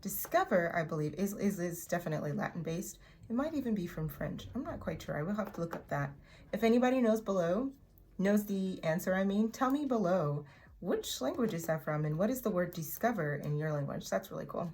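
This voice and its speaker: A woman teaching an English vocabulary lesson in a chatty way, repeating words slowly for learners to echo. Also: on the low side, expressive, darkish tone. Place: in Oklahoma.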